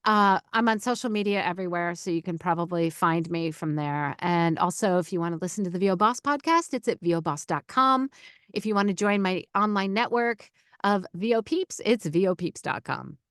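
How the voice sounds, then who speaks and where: A middle-aged woman, a voice actor and coach, talking as an interview guest in an energetic, chatty way with many restarts and fillers. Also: on the low side, fairly quick, smooth, dry recording, clean studio sound. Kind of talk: casual interview talk.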